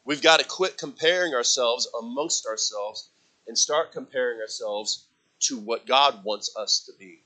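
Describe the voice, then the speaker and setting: At a measured pace, a pastor preaches, telling stories with acted-out quotes and swinging between loud, dramatic bursts and low, quiet asides. The audio quality is poor.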